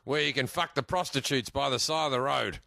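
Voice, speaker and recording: A man imitating a distinguished, vain old actor who speaks deadpan and unbothered. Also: medium pitch, a little fast, gravelly, no room sound.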